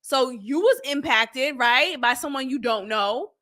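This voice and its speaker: A woman hosting a podcast, giving casual commentary on an interview in an animated, expressive way and acting out the quotes. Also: sits high, unhurried. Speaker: podcast host reviewing an interview.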